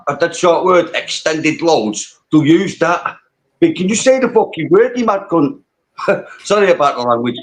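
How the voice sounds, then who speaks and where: A man with a northern English accent from England, chatting casually as a panel guest, blunt and swearing freely. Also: on the high side. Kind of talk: casual chat.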